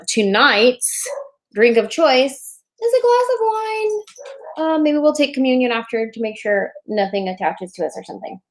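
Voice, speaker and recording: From a borrowed bedroom, a woman hosts a casual livestream chat show, chatty and playful, joking her way through technical trouble over a laptop mic. Her voice is a little high.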